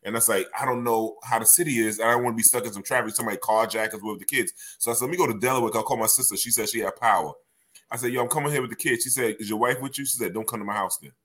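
A man's voice: medium pitch, rapid-fire, fairly bright tone. A man, co-hosting a podcast and telling a story with lots of profanity and acted-out quotes. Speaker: podcast co-host. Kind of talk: casual storytelling chat.

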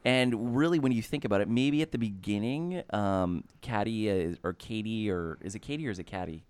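A man on a film podcast, pitching an idea in halting, jokey casual talk. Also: darkish tone, smooth, no echo. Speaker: podcast co-host.

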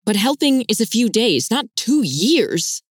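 A woman's voice: a little high, very animated, measured pace, slightly rough, no echo, clean studio sound, voice pushed up, full character voice. A woman voicing a frustrated, worried young man who speaks urgently and with exasperation. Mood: exasperated.

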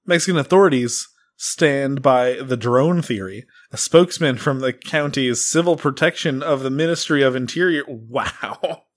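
A man's voice: mid-range voice, normal speed, few pauses. A man hosting a casual comedy podcast, reading strange entries aloud and often breaking into laughter.

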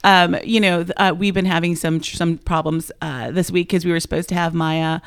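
A middle-aged woman co-hosting a comedy podcast, chatty and quick to laugh. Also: lowish voice, fairly even intonation, clear, resonant tone, dry recording, studio quality. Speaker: podcast co-host. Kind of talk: casual comedic chat.

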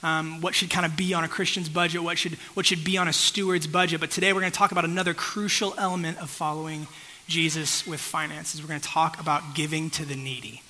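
Bright-voiced man preaching a story. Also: a little high, level tone, fast, poor audio. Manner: conversational storytelling, checks in with the audience. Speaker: pastor. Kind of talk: sermon.

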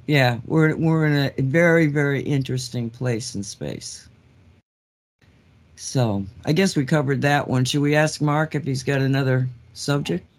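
A man co-hosting a casual show, speaking earnestly and candidly, chuckling at his own remarks. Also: mid-range voice. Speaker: co-host. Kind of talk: casual call-in show chat.

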